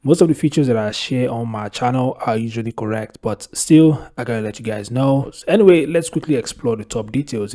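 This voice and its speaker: A man hosts a tech video and talks to his viewers in a chatty, casual way, calling them "you guys." His voice sits at an ordinary pitch with a dark, mellow tone. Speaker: tech channel host.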